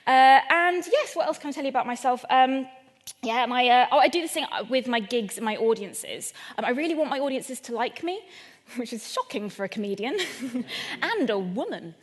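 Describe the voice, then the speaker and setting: Woman, from England, stand-up comedian, chatty, self-deprecating, talking to the audience, a bit high-pitched, long hall reverb. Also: lively intonation, normal speed. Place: event venue in front of a live audience.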